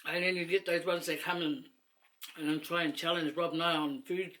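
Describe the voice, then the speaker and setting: A woman's voice: fairly low pitch, steady tone, moderate pace, noisy background. A woman chatting casually to camera while eating, rambling and laughing between asides. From New Zealand. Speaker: mukbang vlogger.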